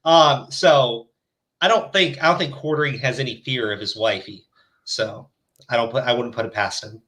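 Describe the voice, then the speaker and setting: A man's voice: medium pitch, moderate pace, fairly bright tone, low-quality recording. A man hosting a livestream, chatting casually and joking with lots of swearing and laughter. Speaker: stream host.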